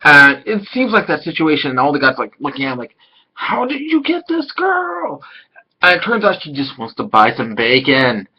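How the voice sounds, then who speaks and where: A man casually reviewing an anime episode, rambling and excitable, swearing now and then. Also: mid-range voice, brisk, few pauses, highs cut off, slight background noise.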